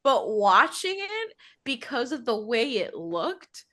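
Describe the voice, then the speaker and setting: Chatty, slightly high-voiced woman co-host. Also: big pitch swings, slow, fairly bright tone. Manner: chatty, laughing, trailing fillers. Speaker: podcast co-host. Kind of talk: casual chat.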